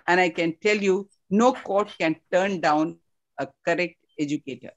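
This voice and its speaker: A woman's voice: fairly low pitch, moderate pace, lo-fi sound, a little hiss or hum. A woman with an Indian English accent, a former school principal, giving an earnest memorial tribute over a video call and slipping into Hindi phrases.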